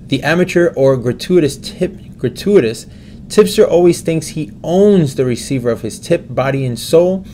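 A man reading a story aloud in a steady way, with small slips and restarts. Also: fairly high pitch, a little hiss or hum.

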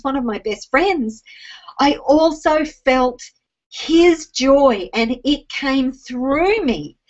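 Teary Australian woman, slightly high voice, halting personal storytelling with many ums, dull lo-fi home recording. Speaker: speaker addressing an online audience. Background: rain.

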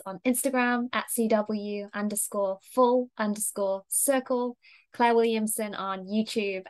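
A woman hosting an interview over a video call, encouraging her guest and signing off. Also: mid-range voice. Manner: encouraging, upbeat. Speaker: interview host. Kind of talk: friendly interview sign-off.

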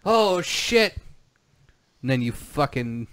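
A man's voice: on the high side, big pitch swings, slow pace, a bit bright. A man co-hosting a podcast, bantering crudely and swearing a lot. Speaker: podcast co-host.

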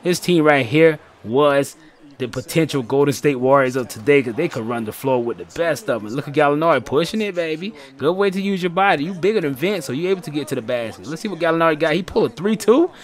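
A man giving casual, slangy play-by-play commentary over a basketball video game, excitable and heckling his own players. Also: a little high, quick pace. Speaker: gaming channel host.

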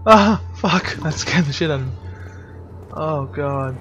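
A man's voice: mid-range voice, level tone, a little slow, a bit bright, highs cut off. A young man giving casual gameplay commentary as a let's player, jumpy and swearing with frightened outbursts. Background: game music.

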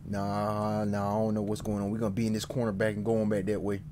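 Streaming a horror game amid background noise, a man talks back to the screen and swears he's not afraid. He's jittery and fast-talking with a monotone voice, though he swings between loud outbursts and muttering.

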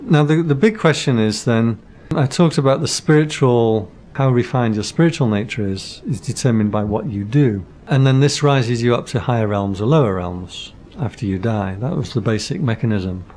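A man's voice: medium pitch, moderate pace, a little mellow, a little hiss or hum. A man, a Buddhist monk, explaining ideas patiently in a casual podcast chat, with analogies and dry jokes. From Britain.

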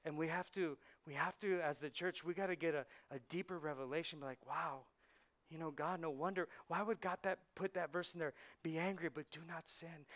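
A male pastor preaching a sermon, moving between hushed, intense passages and loud, driving preaching, and slipping Spanish words into his English. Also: a little high, fairly even intonation, fairly quick. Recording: church sermon on a live mic.

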